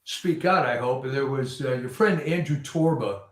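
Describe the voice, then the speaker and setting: A man's voice: mid-range voice, normal speed, echoey room. A man speaking as a guest on a talk show, hesitant with many fillers. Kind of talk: casual conversation.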